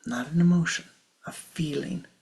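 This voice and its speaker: An older spiritual teacher giving a measured talk before a meditation, often dropping into a soft whisper. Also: medium pitch, gravelly, rough recording.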